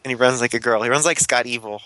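A man's voice: mid-range voice, bright, forceful tone, rough recording. A young man co-hosting a casual chat, joking and laughing often. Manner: chatty and joking, laughs often, speaks in quick bursts. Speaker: podcast co-host.

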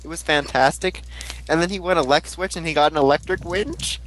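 Young guy w a kinda high voice, rambly and giggly, just chatting on a podcast. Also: a little fast, a bit bright, low-quality recording. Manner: giggly, rambling, mimics characters while recapping. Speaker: podcast host recapping an episode. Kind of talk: casual chat.

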